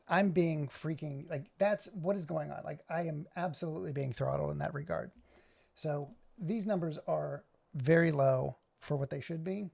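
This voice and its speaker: Gravelly, rambling streamer man. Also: fairly high pitch, darkish tone. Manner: rambling, talks to chat, jokey asides. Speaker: livestream host. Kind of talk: casual live stream chat.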